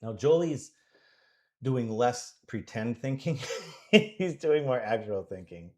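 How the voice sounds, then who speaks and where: A man's voice: medium pitch, lively intonation, slow pace. A man giving casual live commentary on a pool match, rambling and joking as he thinks aloud about the shots.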